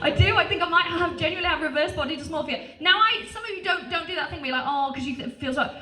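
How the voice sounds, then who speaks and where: A woman performs brash, punchy stand-up on a club stage, swearing freely between bursts of crowd laughter. Her extremely high, sharp voice races along over slight background noise, and the recording sounds distant and roomy, like a live venue.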